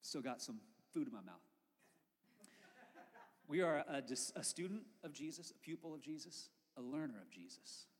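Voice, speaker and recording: A male pastor preaching a sermon in a conversational, lively way, with asides to the congregation. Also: high voice, breathy edge, in a large hall.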